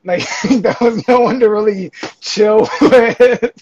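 High-pitched young man, joking podcast chat, dull lo-fi audio. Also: slow pace, a crowd in the background. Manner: laughing, teasing, acts out quotes. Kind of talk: casual podcast banter. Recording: dull lo-fi sound.

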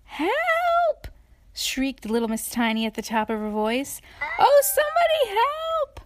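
A woman voicing a tiny, timid storybook lady with a squeaky, frightened voice. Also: wildly swooping pitch, slow pace, slight background noise, full character voice. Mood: alarmed. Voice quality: high squeaky voice.

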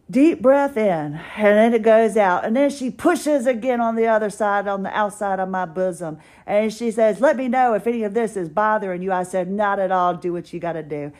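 A woman talking casually into her podcast mic, telling a long personal story. She acts out both sides of each conversation with a dry, wry humor and keeps a middle pitch. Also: darkish tone. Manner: chatty, wry, retells dialogue with "I said". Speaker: podcast host. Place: at home, doing exercises while talking.

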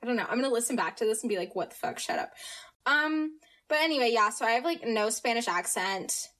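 A woman's voice: fairly high pitch, lively intonation, quick pace, fairly bright tone. A teenage American girl hosting a podcast, chatting casually about school with plenty of fillers and self-mocking asides. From United States. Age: teens. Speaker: podcast host. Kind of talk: casual solo podcast chat.

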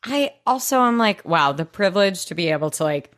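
A woman's voice: mid-range voice, fairly quick. A woman co-hosting a podcast, chatting casually about a TV episode, swearing freely and acting out characters' lines. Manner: animated, swears freely, acts out quotes. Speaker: podcast co-host. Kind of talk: casual recap chat.

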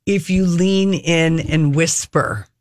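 A tired woman co-hosting a podcast, chatty and quick to laugh in casual talk. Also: low voice, darkish tone, dry recording, studio quality. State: tired, short on sleep. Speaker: podcast co-host. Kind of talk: casual chat.

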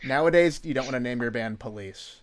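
A man's voice: mid-range voice, a little fast. A man co-hosting a podcast, chatting casually with playful, rambling asides. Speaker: podcast co-host. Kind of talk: casual chat.

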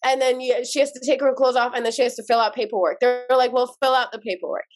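High-voiced woman telling a wild story. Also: fast talker. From United States. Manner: expressive, casual swearing, acts out quoted voices; switches into Persian for quotes. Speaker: podcast guest. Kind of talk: animated personal storytelling.

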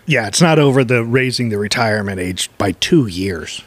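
Husky podcast guy, voice jumps up and down a lot, dry one-liners, close dead-sounding mic. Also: on the low side, animated, normal speed, dry recording. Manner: dry wisecracking quips. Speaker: podcast co-host. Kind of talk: casual crude banter.

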